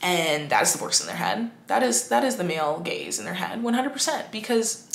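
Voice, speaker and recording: Woman, podcast host, casual animated monologue, gravelly fry, roomy echo. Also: mid-range voice, a little fast. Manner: animated, chatty, many "like"s and restarts.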